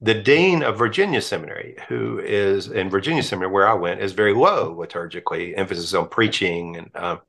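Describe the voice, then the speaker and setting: A man's voice: deep voice, brisk, vocal fry, hardly any pauses, a bit bright. A middle-aged man, a priest and guest, telling stories in casual conversation with frequent restarts. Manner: chatty storyteller, many restarts and laughs.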